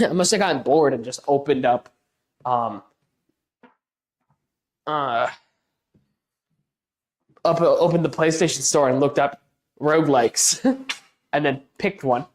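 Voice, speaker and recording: A woman's voice: low voice, slow, pauses often. A woman live streamer in casual chat with her audience, rambling with lots of restarts, laughing at herself while she paints a wall. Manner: self-deprecating and laughing easily.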